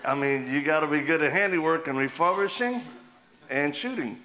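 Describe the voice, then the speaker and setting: A man's voice: a little high, expressive, normal speed, bright, forceful tone. A man preaching a humorous sermon in a church, telling stories, asking the crowd questions and laughing often. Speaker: guest preacher. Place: church sanctuary.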